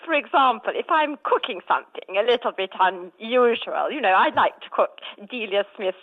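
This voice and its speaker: A fussy caller on the phone. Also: female voice, fairly high pitch, animated, normal speed. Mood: indignant. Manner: prim and fussy, acts out shop exchanges. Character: fussy, indignant female caller. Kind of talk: comedy radio phone-in. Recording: tinny phone line.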